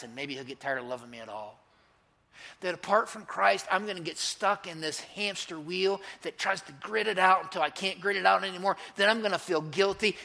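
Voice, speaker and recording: Bright, high-voiced man preaching. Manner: emphatic, swinging from shouts to hushed near-whispers; conversational, with repeated "like" and audience prompts. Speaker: pastor. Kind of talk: sermon. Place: church.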